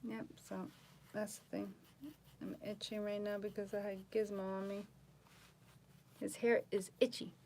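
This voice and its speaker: A woman tarot reader chatting casually on a live stream from home, boastful and animated, mocking others in voices. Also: medium pitch, measured pace, long pauses, noisy background.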